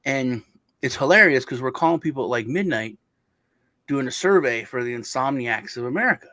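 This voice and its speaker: A man's voice: mid-range voice, expressive, fairly quick, pushed and bright, no echo. Rambling man telling casual stories. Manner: rambling storyteller with fillers. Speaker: crypto show host. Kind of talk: casual chat.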